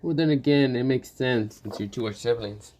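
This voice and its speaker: A sinister young demon lord gloats over a beaten foe, as a man puts him on. He drags out each phrase in a slow, mocking drawl. He stays smug and cruel throughout this fan-made story. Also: medium pitch, a little mellow, highs cut off, close to an everyday voice. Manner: slow, drawn-out mocking delivery.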